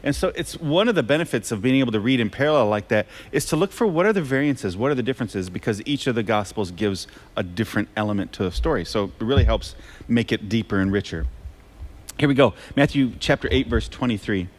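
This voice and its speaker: A man co-hosting a Bible podcast in a relaxed, casual way, with frequent fillers, before reading scripture aloud. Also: medium pitch, fast talker.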